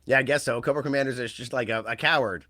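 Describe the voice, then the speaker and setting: A man's voice: medium pitch, fairly even intonation, fast, pushed and bright, no room sound. A man co-hosting a wrestling podcast, talking in a rambling, casual way that trails off and restarts. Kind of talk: casual chat.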